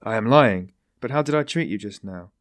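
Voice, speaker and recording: A man's voice: medium pitch, animated, fast, no echo, lightly acted. A man voicing a sly, genial detective who teases in a mocking, ironic way. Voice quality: tittering, mocking.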